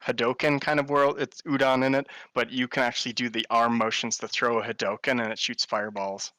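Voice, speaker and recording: Man, guest in a casual interview, bright forceful tone, dry sound, eager. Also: mid-range voice, little pitch movement, brisk, no echo, poor audio. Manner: enthusiastic, laughs easily, fillers. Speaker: guest, hologram artist.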